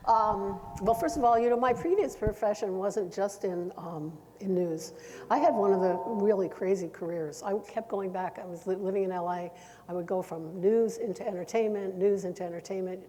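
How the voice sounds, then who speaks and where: An older woman, a former broadcaster now a therapist, telling animated anecdotes on a panel. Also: mid-range voice, normal speed, slight background noise. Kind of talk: panel storytelling. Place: event hall panel. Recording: long hall reverb.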